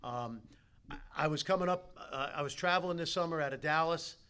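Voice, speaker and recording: With a fairly high pitch and a clean tone, a man speaks briskly while delivering a motivational keynote at a team dinner in a banquet hall. Animated and story-driven, he addresses the players directly.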